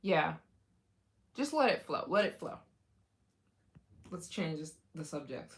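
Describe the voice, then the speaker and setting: A woman's voice: low voice, very animated, takes it slowly. A young adult woman hosting a casual livestream, chatting with viewers in a rambling way with many fillers and restarts. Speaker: livestream host.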